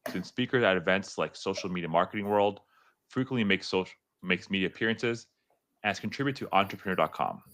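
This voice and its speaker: A man hosts an interview and introduces his guest. He asks easygoing questions with lots of fillers. His voice sits low. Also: quick pace, fairly bright tone. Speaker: podcast host, interviewer. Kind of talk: casual interview talk.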